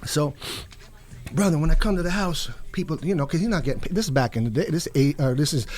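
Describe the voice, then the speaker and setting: Lively storytelling man, higher voice. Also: fast talker. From Canada. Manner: animated, acts out quotes in raised voices, laughs often. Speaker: guest. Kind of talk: casual storytelling interview.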